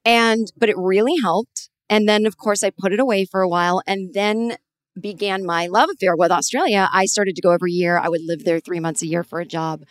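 A woman in her forties hosting a podcast, telling a long personal story in a rambling, animated way with many restarts. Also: medium pitch, fairly quick, dry recording, clean studio sound. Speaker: podcast host. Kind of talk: conversational interview.

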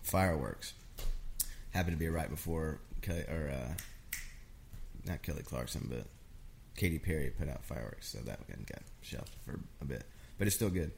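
A man's voice: rumbling low, normal speed, creaky, long pauses, background noise. A man, a songwriter, telling stories in a casual chat and acting out what others said. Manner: animated, acts out quotes of others. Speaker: songwriter guest. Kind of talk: casual storytelling.

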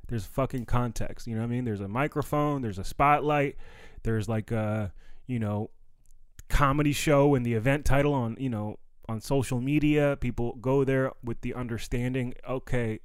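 A man's voice: medium pitch, normal speed, smooth, dry recording. A young man, a comedian recovering from bronchitis, talking casually and loosely on a solo podcast with slangy filler-heavy speech. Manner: loose slangy street talk, lots of fillers and "you know what I mean". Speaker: stand-up comedian and podcast host.

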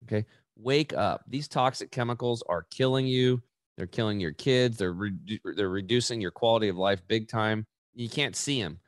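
A middle-aged man hosts a casual podcast chat. His voice sits low, and he grows animated as he tells stories. The sound is dry and close. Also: normal speed, no room sound. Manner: animated storyteller, acts out quotes in high voices. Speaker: podcast host.

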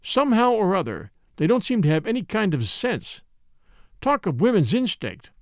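Man acting out a gruff middle-aged tycoon, blunt, commanding, audiobook reading, lively pitch, dry recording. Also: moderate pace, dry recording, full character voice. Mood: ranting. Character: gruff middle-aged American millionaire father.

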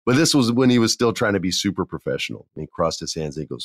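A man casually telling a backstage story, animated and acting out the people he quotes. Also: deep voice, fast, no echo, studio quality. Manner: animated, acts out quoted voices. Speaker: podcast guest telling stories.

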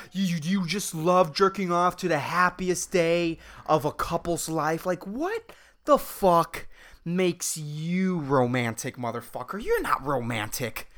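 A man's voice: high-pitched, fairly bright tone. A man hosting a solo podcast in a casual, profane, rambling rant, often laughing at his own jokes. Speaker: podcast host.

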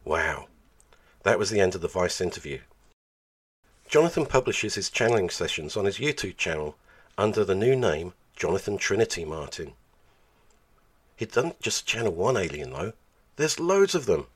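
A man's voice: deep voice, big pitch swings, normal speed, long pauses, slightly rough. Dry sardonic man narrating. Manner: dry, mocking. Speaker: documentary narrator.

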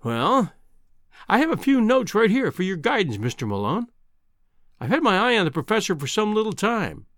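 A man voicing a brisk older male newspaper news editor, dry and clipped with a teasing edge. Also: sits high, big pitch swings, fairly bright tone, no echo, voice pushed up. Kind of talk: audiobook character reading.

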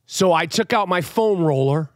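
Middle-aged New man, high-pitched and very animated, profane comic rant. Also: moderate pace, dry recording, studio quality. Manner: animated, loud, profane, swings between shouting and muttering. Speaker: comedian ranting to camera.

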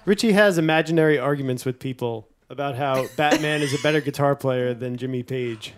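A man's voice: mid-range voice, a little fast, slight background noise. A man on a podcast earnestly explaining his view on music, in long rambling sentences. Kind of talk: casual chat.

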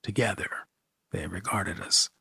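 A man narrating a first-person story in a measured, expressive audiobook style. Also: low voice, gravelly, breathy edge, no room sound.

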